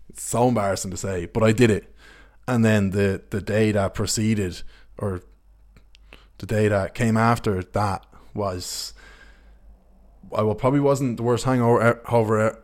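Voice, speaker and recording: A young man with a fairly low voice, hosting a casual podcast. He tells candid, rambling anecdotes and swears freely as he goes. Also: steady tone, a little slow, a little mellow. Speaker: podcast host. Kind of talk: casual storytelling chat.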